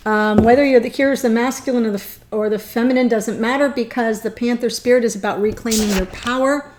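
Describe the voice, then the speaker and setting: A woman giving a gushing, excitable tarot reading, choked up and near tears. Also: fairly high pitch, fairly quick. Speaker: tarot reader.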